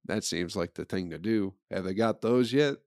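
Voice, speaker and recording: Man, deep voice, comedy podcast host, profane rambling chat, dry recording. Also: normal speed, darkish tone, no room sound. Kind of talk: casual comedy podcast monologue.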